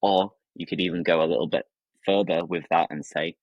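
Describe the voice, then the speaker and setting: A low-pitched man with a Yorkshire accent chats about words in a relaxed, easy way. He teaches English and walks through examples one by one, with lots of fillers. His voice sounds dry and close. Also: brisk, no echo, dull audio. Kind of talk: casual conversation explaining slang.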